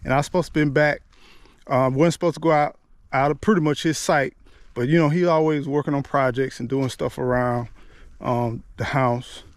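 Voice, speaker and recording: A man's voice: mid-range voice, steady tone, moderate pace, no room sound, studio quality. A man telling a personal childhood story in an earnest, repetitive, informal way. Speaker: speaker sharing life lessons.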